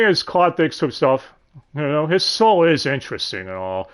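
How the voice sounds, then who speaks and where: A man hosting a casual, profane review of an anime dub, sardonic and quick to laugh. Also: on the high side, big pitch swings, smooth. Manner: sardonic, swears freely, laughs often.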